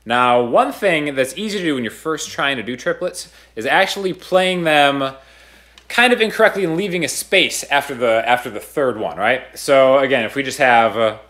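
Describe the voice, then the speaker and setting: A man's voice: medium pitch, expressive, normal speed, bright, forceful tone. A man teaching a guitar lesson in a loose, conversational way, counting beats aloud in rhythm. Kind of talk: casual video lesson. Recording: guitar music under the voice. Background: guitar playing.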